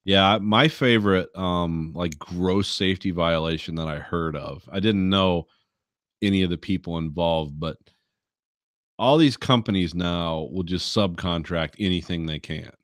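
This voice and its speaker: A man's voice: low voice, measured pace, no room sound, clean studio sound. A man hosting a podcast, telling a story in casual, swearing chat and laughing often. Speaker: podcast host.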